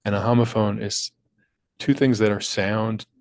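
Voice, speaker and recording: A man's voice: fairly low pitch, steady tone, unhurried, no room sound, low-quality recording. A young man patiently explaining crossword clues in a tutorial, with small slips and restarts. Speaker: crossword puzzle maker and teacher. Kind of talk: screen-recorded tutorial walkthrough.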